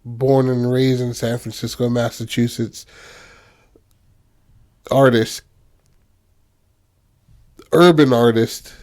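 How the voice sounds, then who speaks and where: A man's voice: mid-range voice, little pitch movement, slow pace, long pauses, darkish tone. A man hosting a podcast, retelling a film in loose, slangy casual chat full of fillers. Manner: loose and slangy, heavy on fillers like "you know".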